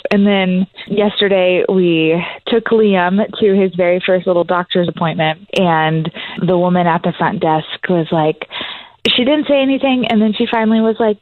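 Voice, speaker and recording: A woman's voice: medium pitch, moderate pace, no room sound. A young woman co-hosting a radio podcast, telling stories in a chatty, bubbly way and laughing often. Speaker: radio co-host. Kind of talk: casual podcast chat. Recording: tinny phone-line sound.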